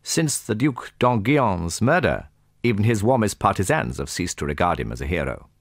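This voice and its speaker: A man's voice: lowish voice, sing-song, normal speed, dry recording, studio quality. A man reading an indignant, opinionated salon guest.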